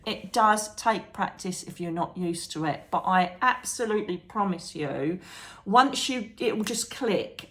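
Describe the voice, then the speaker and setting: Chatty woman vlogger. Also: mid-range voice. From England. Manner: chatty, animated, calls viewers darling, trails off mid-thought. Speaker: psychic medium and channel host. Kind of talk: chatty advice vlog to camera.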